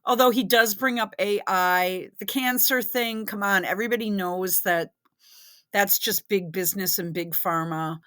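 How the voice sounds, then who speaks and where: A woman's voice: mid-range voice, normal speed, a bit bright, no echo. A woman talking casually and sarcastically over a clip she is reacting to, dropping swear words as she goes. Her voice sounds close and dry, with no room around it. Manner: sarcastic, swears, breaks into laughter. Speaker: reaction video host. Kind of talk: casual commentary over a video.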